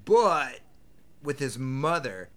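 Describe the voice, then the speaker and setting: A man leading a casual film discussion, lively and steering the talk with questions. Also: medium pitch, slow pace.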